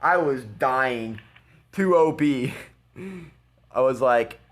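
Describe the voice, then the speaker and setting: A man's voice: mid-range voice, very slow. A man giving casual, blunt commentary over a gameplay replay, mocking and laughing at his opponent. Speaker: gaming video creator.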